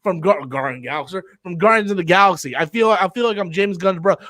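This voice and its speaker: A man's voice: sits high, quick pace, hardly any pauses, a bit bright. A man hosting a live-stream commentary, talking in a rambling, repetitive and combative way. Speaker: channel host.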